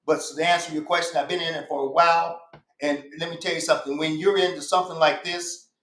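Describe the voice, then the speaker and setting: A man talks in a high voice on a casual podcast. He is emphatic and insistent and circles back to repeat his points. The sound is roomy, with a noticeable echo. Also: fairly even intonation, fast talker, a bit bright. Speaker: guest. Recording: echoey room.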